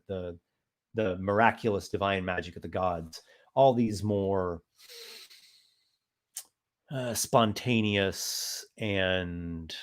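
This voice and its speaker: A man hosting his monthly live stream, reading out viewer comments and chatting casually with many fillers. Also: low voice. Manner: rambling, thoughtful, many fillers.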